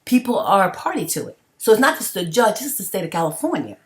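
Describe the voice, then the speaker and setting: A woman's voice: medium pitch, big pitch swings, fast talker. A middle-aged woman talking straight to her viewers in a personal vlog, emphatic and repetitive, often checking in with "okay?". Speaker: vlogger.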